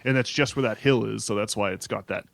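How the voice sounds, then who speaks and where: A man's voice: on the low side, quick pace, gravelly, a bit bright, no room sound. A man co-hosting a casual podcast, talking at length in a rambling way with many fillers and restarts. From New England. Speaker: podcast co-host.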